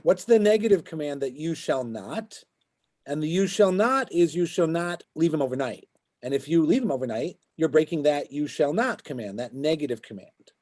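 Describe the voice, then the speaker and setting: A man's voice: a little high, expressive, normal speed, warm tone. A man teaching a Talmud class as a rabbi, explaining the text and checking in with his students as he goes. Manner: explains as he goes, keeps asking "right?". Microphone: video call.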